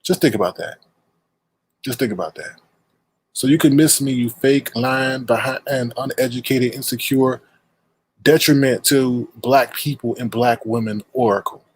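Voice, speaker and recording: A man's voice: mid-range voice, moderate pace, slightly rough. A man hosting a livestream, scolding and insulting people in a heated roast rant. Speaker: livestream host.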